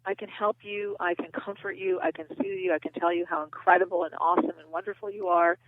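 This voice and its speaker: A woman voicing a gentle, loving female inner nurturer, talking in a soothing, reassuring way over a tinny phone line. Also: sits low, steady tone, measured pace, gravelly, dry recording.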